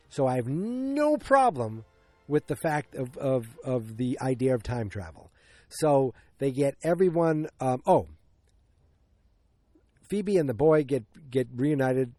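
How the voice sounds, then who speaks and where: A man's voice: mid-range voice, warm tone, dry recording. Rambling man recapping a film, dry sound. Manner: rambling, many restarts, acts out quotes. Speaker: podcast host. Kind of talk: casual movie recap.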